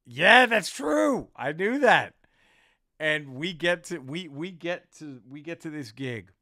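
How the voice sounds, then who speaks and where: A man's voice: medium pitch, fairly bright tone, no echo, clean studio sound. A man, a comedian, telling a story casually in a rambling, profane way, with many restarts.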